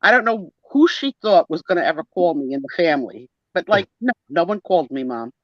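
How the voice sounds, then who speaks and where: A woman co-hosting a live photo sale, chatting warmly and telling a story with laughs. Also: on the low side, big pitch swings, a little fast, no echo. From Italian-American family. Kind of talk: casual livestream chat. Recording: dull dry sound of a video call.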